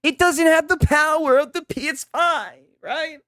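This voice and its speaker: A man's voice: extremely high pitch, a little slow, pushed and bright, dry recording, clean studio sound. A man doing casual gaming reaction commentary, profane and mocking, who keeps asking "right?".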